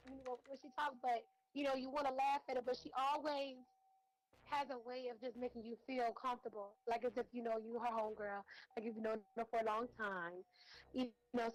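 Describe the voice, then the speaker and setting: A woman's voice: fairly high pitch, low-quality recording. Woman giving a rambling heartfelt tribute. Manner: rambling, warm-hearted, many fillers. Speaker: roaster.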